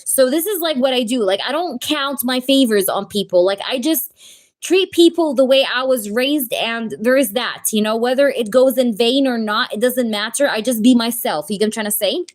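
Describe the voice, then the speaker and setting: A woman's voice: on the high side, moderate pace. A woman giving a live-stream tarot reading, chatting with viewers and speaking in the first person for the person in the cards. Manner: chatty, talks to chat, speaks as the twin flame in first person. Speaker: tarot reader.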